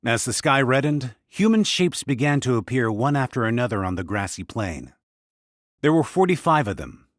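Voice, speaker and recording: Male narrator, lively intonation, dry close sound. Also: medium pitch, moderate pace, dry recording. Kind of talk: scripted audiobook narration.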